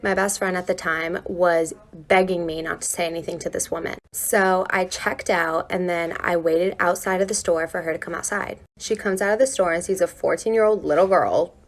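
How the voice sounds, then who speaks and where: A woman whose first language is Turkish, telling a story to the camera in a steady, pointed way. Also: on the low side, normal speed, hardly any pauses.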